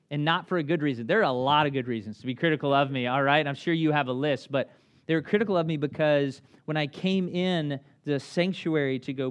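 A man in his thirties preaching a sermon as a pastor, conversational and animated, with acted asides. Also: on the high side.

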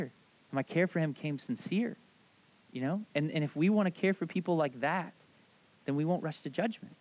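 A youth pastor preaching in a loose, conversational way, stacking fillers and tag questions as he tells stories. His voice sits a little high for a man. The recording sounds dull and lo-fi. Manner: rambling, filler-heavy storytelling with frequent "right?". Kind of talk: casual conversational sermon.

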